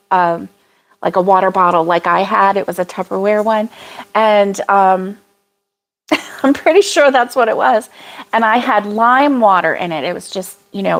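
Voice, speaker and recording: A middle-aged woman, hosting a casual live chat from a cabin, bubbly and greeting viewers by name. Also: mid-range voice. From Florida. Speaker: crochet livestream host. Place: mountain cabin indoors.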